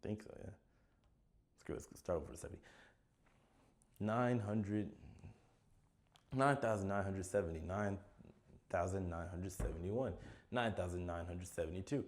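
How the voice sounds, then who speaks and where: A man's voice: low-pitched, moderate pace, pauses often. A man counting numbers aloud for a sleep video, tired and plodding, with sighs and occasional slips. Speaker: content creator.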